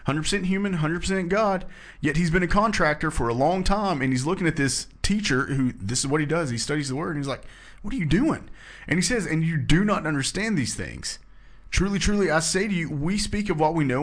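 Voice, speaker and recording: A man leading a casual scripture discussion, reading verses aloud and explaining them in an earnest, emphatic way. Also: a little high. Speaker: Bible study discussion leader.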